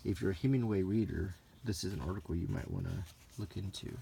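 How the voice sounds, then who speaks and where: A man from the United States softly reading aloud from an old magazine and musing in asides, in a soft-spoken unintentional ASMR style. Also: low voice, brisk, vocal fry, background noise. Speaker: host flipping through an old magazine.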